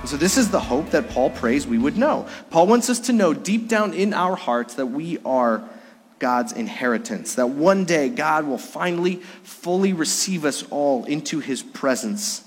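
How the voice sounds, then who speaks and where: A man's voice: fairly high pitch, lively intonation, a little slow, faint music behind. Male pastor preaching on a sunday, earnest, chatty, big echoey church sound. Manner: earnest, conversational preaching with swings in emphasis. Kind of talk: sermon. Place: church during a Sunday worship service. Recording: long reverb of a church hall.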